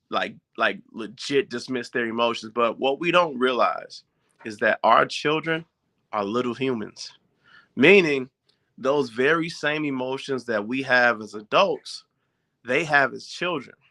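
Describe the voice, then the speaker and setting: A man with a bright, forceful voice talks straight to his viewers about raising children. He sounds informal and direct, and he keeps checking that his listeners are following along. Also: medium pitch. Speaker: parent giving parenting advice. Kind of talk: casual talk to viewers.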